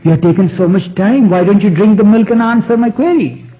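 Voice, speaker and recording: A man's voice: sits high, sing-song, slow, voice pushed up, full character voice. A man voicing an impatient emperor who demands an answer from his court, in a dull old tape recording. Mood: exasperated. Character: exasperated old emperor on throne.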